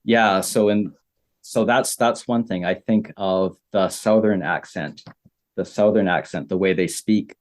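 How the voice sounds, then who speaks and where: A Canadian man teaching beginner English, repeating simple phrases with many pauses. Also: sits low, fairly even intonation. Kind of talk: slow, simple explaining for beginner learners.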